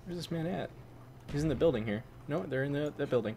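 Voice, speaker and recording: A man doing excitable gameplay commentary, who swaps swear words for mild ones like "fudge" and breaks into loud, high-pitched outbursts. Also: quick pace, creaky. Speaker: gaming channel host. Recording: faint game noise behind. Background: gunfire from the game.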